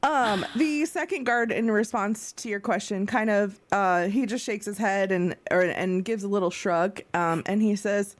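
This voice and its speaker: A woman's voice: medium pitch, measured pace, few pauses. A woman running a tabletop game as game master, narrating with frequent laughter and filler words. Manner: laughing, full of ums and likes.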